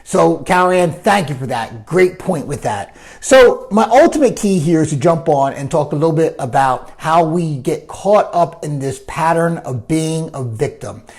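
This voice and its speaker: Animated male life coach, lively pitch. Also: moderate pace, few pauses. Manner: animated, keeps asking "right?", acts out quoted voices. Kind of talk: live coaching talk answering viewer comments.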